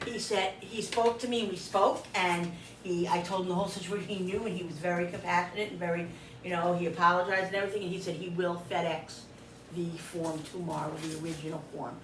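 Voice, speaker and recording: A middle-aged woman chats while cooking in her kitchen, retelling a frustrating story in an animated, exasperated way and acting out the other people in it. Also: lowish voice, fast. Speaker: cooking vlogger. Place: home kitchen. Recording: echoey room, distant mic, background hum.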